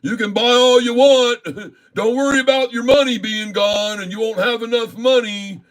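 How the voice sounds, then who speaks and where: A man putting on a high, sneering voice for a trading program that taunts him. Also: fairly even intonation, moderate pace. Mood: taunting. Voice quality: falsetto, sneering.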